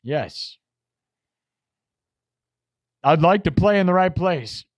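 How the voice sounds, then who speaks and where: A man's voice: sits high, expressive, slow pace, no echo, dull audio. A man hosting a live music stream, chatting with viewers in a boastful, defensive way. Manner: boastful, defensive, talking to chat. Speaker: livestream host and musician. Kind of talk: casual livestream chat.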